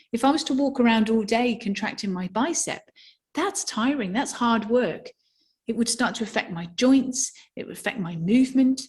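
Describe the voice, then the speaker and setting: Animated woman teaching somatics. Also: mid-range voice. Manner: animated, asks rhetorical questions, acts out yawns. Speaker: somatic movement educator. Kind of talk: workshop teaching talk.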